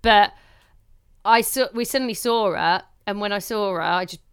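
A woman's voice: medium pitch, clean tone, no room sound, clean studio sound. Woman telling a panicked story. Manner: animated storytelling with quick panicked bursts. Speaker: podcast co-host. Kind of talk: casual chat.

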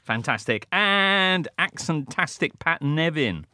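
A man hosting a football podcast with a lively voice that climbs and dips across a wide range. He moves along briskly and playfully, trading jokes and puns with his guests. The recording is close and dry. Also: a little high, clean tone, dry recording. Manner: brisk, playful presenter with wordplay. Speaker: podcast host.

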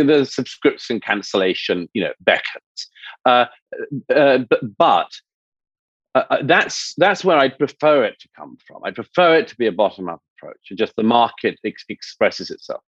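A man's voice: lowish voice, fairly bright tone, no room sound. A man speaking as an interview guest, reasoning carefully with frequent hesitant restarts. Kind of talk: interview discussion. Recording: slightly dull lo-fi sound.

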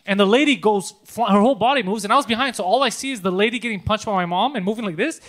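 A man in casual chat, telling profane, animated stories and yelling when he quotes people. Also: high voice, very fast. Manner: swearing, animated storyteller who yells when quoting.

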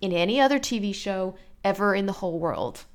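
A woman co-hosting a casual chat, retelling a plot in an animated, blunt, dramatic way. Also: medium pitch, a little fast. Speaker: podcast co-host.

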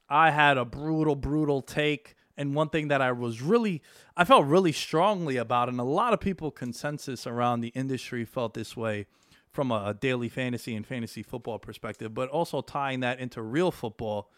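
A man's voice: mid-range voice, fairly bright tone, clean tone, no room sound, clean studio sound. A man hosting a solo sports podcast, talking loosely and with energy, swearing casually. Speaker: podcast host. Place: home studio, New York.

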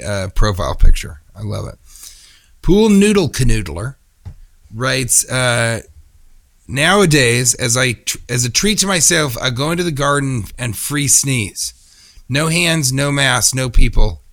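A man's voice: medium pitch, fairly bright tone, dry recording, clean studio sound. A man co-hosting a comedy podcast, reading listener messages and riffing with crude, playful jokes. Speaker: podcast co-host.

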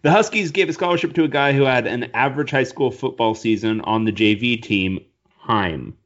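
A man's voice: mid-range voice, normal speed, a bit bright, lo-fi sound. A man hosting a casual college football podcast and reading out listener questions, playful and teasing. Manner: playful, teasing, laughs often. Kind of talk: casual sports podcast chat.

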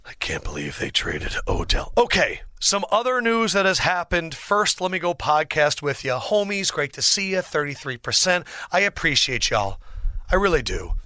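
A young man hosting a sports podcast as a lively solo monologue, theatrical and excitable, swinging between big outbursts and mock gloom. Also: sits high, moderate pace, dry recording. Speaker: podcast host. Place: podcast studio.

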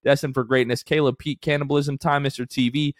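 A man's voice: medium pitch, level tone, fast talker, no room sound, studio quality. A man co-hosting a casual sports podcast, talking in an upbeat, rambling way with many fillers. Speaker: podcast co-host.

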